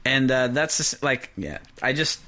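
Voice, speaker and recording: Bright-voiced man telling a wild story. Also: medium pitch, measured pace. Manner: animated, acts out voices when quoting. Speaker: podcast host telling a story. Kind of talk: casual storytelling chat.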